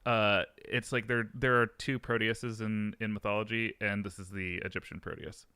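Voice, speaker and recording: A man's voice: lowish voice, steady tone, normal speed, sharp tone, clear, resonant tone, no room sound. A man co-hosting a podcast, telling a myth in a chatty, hesitant way. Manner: chatty, hesitant, full of fillers and laughs. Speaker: podcast co-host and myth storyteller. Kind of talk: casual comedic storytelling.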